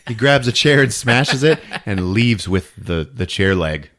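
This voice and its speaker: A man's voice: lowish voice, measured pace. A man hosting a podcast, casually retelling a movie plot with lots of laughter. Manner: animated, laughing, storytelling. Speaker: podcast host.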